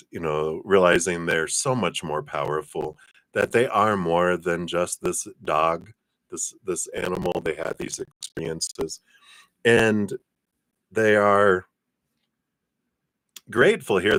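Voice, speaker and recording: A man giving a live-streamed card reading, chatting to viewers by name and passing on messages in a drawn-out, hesitant way. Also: low voice, a bit bright, no room sound. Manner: chatty, reads viewer names and passes on spirit messages. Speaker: tarot reader.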